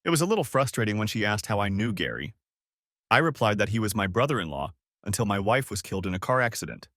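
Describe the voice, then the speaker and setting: A man narrating a first-person story as an audiobook reader with a steady storytelling manner. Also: on the low side, fast talker, no echo, studio quality.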